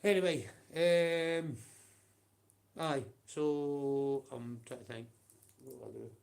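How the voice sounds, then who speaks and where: A man's voice: mid-range voice, steady tone, unhurried, creaky, dark tone. A man with a Scottish accent ranting on a livestream, profane and confrontational, with blunt taunts.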